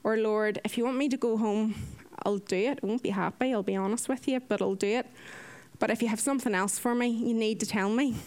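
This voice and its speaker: Young woman, faith testimony, fairly high voice, smooth and clear. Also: brisk. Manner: earnest, animated storytelling, acts out quotes in a higher voice. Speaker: mission volunteer.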